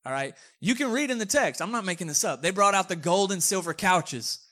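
A man's voice: sits high, lively intonation, brisk, sharp tone. A man preaching a sermon in a casual, joking, conversational way. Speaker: pastor.

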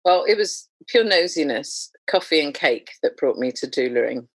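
A woman, a doula, chatting as a podcast guest in a lively, humorous storytelling way. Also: low-pitched, moderate pace, breathy edge, no room sound. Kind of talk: conversational storytelling.

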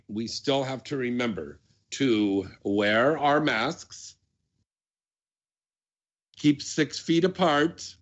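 Male radio host, casual and rambling, mid-pitched voice, dull lo-fi audio. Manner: chatty, rambling, many fillers. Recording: dull lo-fi sound.

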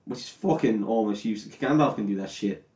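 A man's voice: lowish voice, fairly quick, a little mellow. A drunk young man, recapping a film in rambling, sweary casual chat, often unsure of details. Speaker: podcast co-host. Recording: roomy echo.

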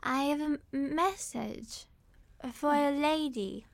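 This is an eerie little toddler boy, as a woman puts him on, speaking in a high, thin voice. He drags every word out slowly and flatly, insisting on his message. The sound is close and dry, with no room around it. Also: creaky, dry recording, full character voice. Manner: slow, flat and insistent. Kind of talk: tabletop role-play acting.

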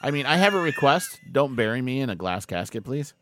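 A middle-aged man hosting a podcast, reading out a plot summary and then riffing on it in a joking, animated way, laughing often. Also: mid-range voice, a little fast, slight background noise. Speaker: podcast host. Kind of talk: casual chat recapping a film.

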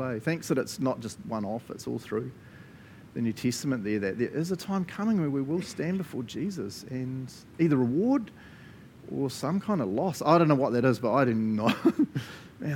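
A man's voice: mid-range voice, a little mellow, slight background noise. A man preaching a sermon as a pastor, earnest and conversational, laughing often between asides.

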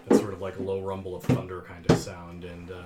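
A man running a tabletop game as game master, describing scenes in a relaxed, storytelling way with fillers. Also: low voice, fairly quick, very noisy. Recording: roomy room sound.

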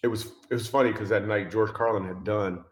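A man's voice: on the low side, steady tone, fairly quick, roomy sound. A man, a comedian, animatedly telling a personal story in conversation, acting out quoted dialogue and speaking about faith. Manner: speaks of faith and following God's voice.

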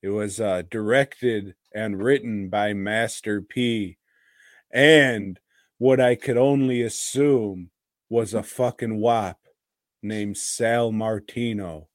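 A man's voice: lowish voice, fairly even intonation, slow pace, no echo, studio quality. A man co-hosting a podcast in casual chat, rambling and teasing with crude language. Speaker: podcast co-host.

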